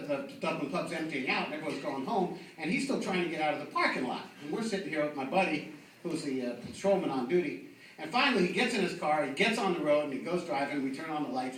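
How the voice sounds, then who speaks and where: A man's voice: on the high side, a bit bright. A man doing stand-up, telling cop stories with lots of fillers and restarts. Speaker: stand-up comic. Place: comedy club stage. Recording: echoey club from a distant mic with faint noise.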